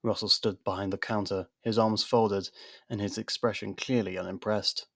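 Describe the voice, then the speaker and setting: In a clean, dry studio recording with no room sound, a man narrates a fan-made science fiction audio drama from a script, audiobook-style. He voices every character himself with lively performances, speaking at normal speed in a fairly low pitch.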